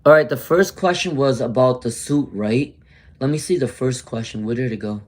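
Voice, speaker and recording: A man's voice: mid-range voice, normal speed. A man hosting a live tarot reading stream, chatting with viewers by name and muttering to himself while he looks for questions.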